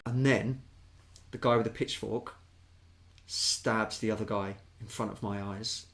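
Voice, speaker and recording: A man with a British accent, co-hosting a podcast and telling stories in an animated, sweary way. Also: fairly low pitch, a little slow, pauses often. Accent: British English. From England. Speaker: podcast co-host. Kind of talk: casual storytelling chat.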